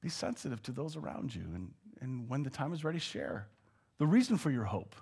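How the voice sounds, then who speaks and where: A man preaching a sermon, moving between hushed asides and loud, acted-out shouts. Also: medium pitch, very animated, fairly quick, slightly rough.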